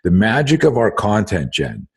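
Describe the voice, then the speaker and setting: A man's voice: on the low side, wildly swooping pitch, moderate pace, slightly rough. A man hosting a podcast as a self-defense instructor, talking in an emphatic, profane, casual way with many restarts.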